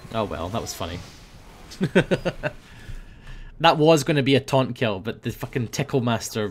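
A young man giving playful commentary over a video game, breaking into loud high yells when the action heats up. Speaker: gaming video host. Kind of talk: casual gameplay commentary.

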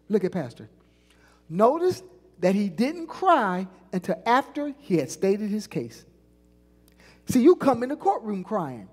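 A woman pastor delivers a sermon at a measured pace with long pauses, her medium-pitched voice darkish, slightly rough, and swinging widely in pitch. Leading call-and-response, she has the congregation repeat phrases and draws out key lines, all within the long reverb of a church sanctuary.

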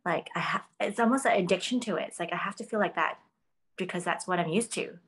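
A woman's voice: fairly low pitch, quick pace, fairly bright tone, slight background noise, rough recording. A woman hosting a podcast, talking earnestly and self-reflectively in casual conversation, with frequent fillers. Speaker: podcast host.

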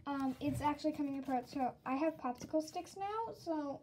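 A woman's voice: high voice, moderate pace, hardly any pauses, dark tone, a little hiss or hum. A woman from the Southern United States giving a casual show-and-tell tour of her toy collection, rambling and giggly, with lots of "um" and "like".

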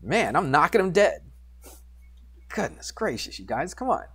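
A man teaching algebra to a class, animated and teasing, coaxing students with questions. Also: a little high, moderate pace. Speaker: high school math teacher. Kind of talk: classroom lecture.

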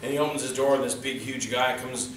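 A man's voice: mid-range voice, fairly even intonation, brisk. A man on a convention panel telling rambling filmmaking anecdotes and acting out the quoted lines in put-on voices. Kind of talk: casual storytelling on a panel. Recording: roomy hall mic, heard from a distance, faint noise.

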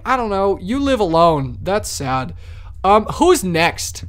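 A man's voice: high-pitched, big pitch swings, unhurried, slight background noise. Joking man streaming a game. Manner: joking, swearing, swings from loud outbursts to mumbling; talks to in-game characters and chat. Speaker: let's play streamer. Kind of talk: live gameplay commentary.

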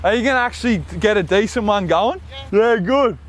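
A man's voice: high voice, a little fast, very noisy. A young man in his twenties with an Australian accent, vlogging in a brash, joking way and swearing freely. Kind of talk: casual vlog.

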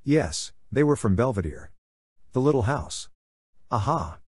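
A man narrating a literary novel as an audiobook reader, in a measured, even delivery. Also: mid-range voice, breathy edge, no room sound, studio quality.

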